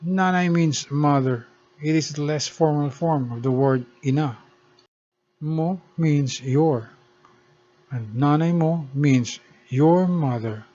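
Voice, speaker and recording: A man narrating a language lesson, explaining words and their pronunciation slowly and carefully. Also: on the high side, mellow. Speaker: language teacher. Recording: dull lo-fi recording.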